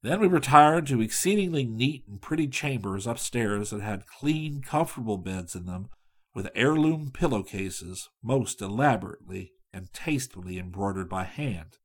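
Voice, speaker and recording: A man reading a travel story aloud in measured audiobook narration. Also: fairly low pitch, lively intonation, husky.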